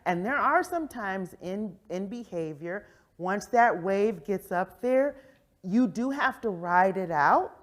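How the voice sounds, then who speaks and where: In a conference session room, an animated woman leads an interactive professional development workshop on early childhood education. She acts out quoted voices and often checks in with "right?", speaking slowly at a medium pitch.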